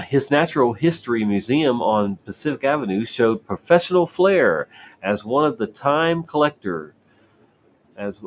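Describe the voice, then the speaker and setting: A man's voice: on the low side, slight background noise. A man hosting a show, casually reading news articles aloud with sarcastic asides and often stumbling over words. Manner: stumbling, repeats and restarts words while reading. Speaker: show host.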